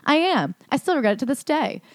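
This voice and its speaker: A woman's voice: sits high, big pitch swings, dry recording, studio quality. A woman co-hosting a podcast, reading passages aloud and reacting with sarcastic disbelief. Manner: fast, incredulous, sarcastic. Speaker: podcast co-host. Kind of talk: reading aloud and commenting in casual chat.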